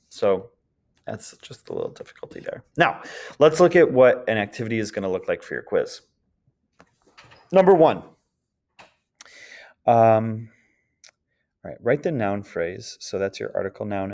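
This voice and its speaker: Patient teacher, low voice. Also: male voice, a little mellow. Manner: patient, explanatory, frequent "d'accord?" checks and "um" fillers. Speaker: French teacher. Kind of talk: classroom grammar lecture.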